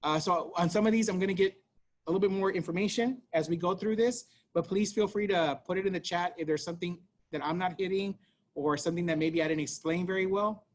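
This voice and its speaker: A man presenting a parent workshop over a video call, speaking quickly and conversationally with many fillers and tag questions. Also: high voice. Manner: talks fast, conversational, many fillers and "right?".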